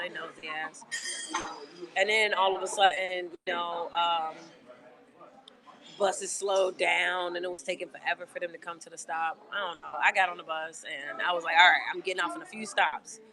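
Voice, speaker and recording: Angry woman venting in a busy diner. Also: lowish voice. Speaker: livestreamer. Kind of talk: casual livestream vent. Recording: noisy diner crowd behind. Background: restaurant crowd chatter.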